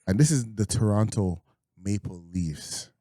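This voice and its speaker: A man co-hosting a podcast, making emphatic, drawn-out points in casual sports banter. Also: lowish voice, mellow, no room sound, clean studio sound. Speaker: podcast co-host.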